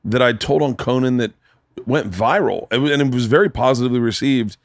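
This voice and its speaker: A man in his forties hosting a podcast from his home studio, telling stories in profane, animated casual chat. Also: brisk, dry recording. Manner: profane, animated storytelling, pitch rising when worked up. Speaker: podcast host.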